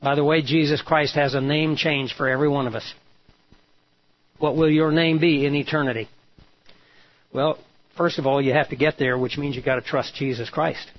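A man's voice: on the high side, steady tone, moderate pace, pauses often. A male pastor preaching a sermon, retelling a story and voicing the quoted lines with emphasis. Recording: dull lo-fi sound.

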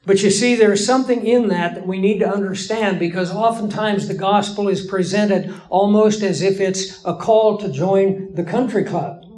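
A man lecturing a Bible class in a measured, explanatory way, with emphatic pauses. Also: sits high, a little mellow, poor audio. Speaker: Bible teacher.

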